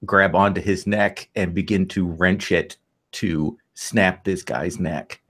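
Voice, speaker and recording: A man playing a tabletop role-playing game, describing his character's actions in a measured way. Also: low voice, fairly even intonation, fairly bright tone. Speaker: player.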